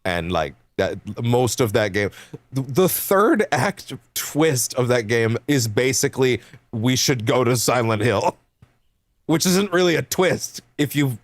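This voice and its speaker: A young adult man streaming games, chatting casually in a rambling, animated way, laughing often and swearing freely. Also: medium pitch, no room sound. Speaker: game streamer. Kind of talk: casual chat while livestreaming.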